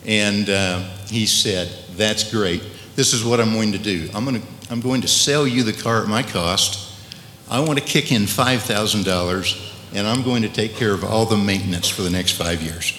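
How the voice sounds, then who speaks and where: A man's voice: lowish voice, normal speed, a bit bright, slight background noise. A man telling a personal story as a testimony, with a wry, humorous delivery. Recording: echoey hall, faint ambience.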